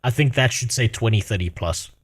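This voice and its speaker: A man's voice: mid-range voice, brisk, breathy edge. A man streaming casually with a sore throat, swearing often and ranting animatedly. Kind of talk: casual reaction stream chat.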